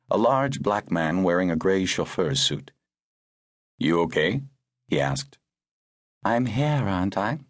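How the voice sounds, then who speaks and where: A man narrating a thriller audiobook in a measured, expressive way. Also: sits low, slightly rough, no echo, studio quality. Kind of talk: scripted narration.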